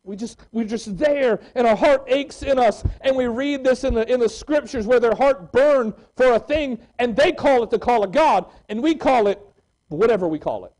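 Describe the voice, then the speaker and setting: Male preacher, high voice, animated sermon, loud bursts and quiet readings, church. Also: moderate pace, rough recording.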